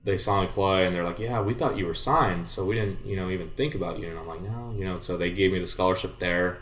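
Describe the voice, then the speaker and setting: A young man with a very low-pitched voice tells a long rambling story, slipping into quoted dialogue as he goes. The room echoes around him. It sounds like a relaxed, casual conversation. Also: fast talker. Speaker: guest, former baseball player.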